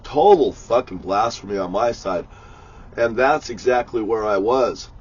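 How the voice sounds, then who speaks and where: Profane ranting man, low voice. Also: unhurried, slightly rough, lo-fi sound. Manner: profane, shouting, erratic. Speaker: vlogger. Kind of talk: angry religious rant.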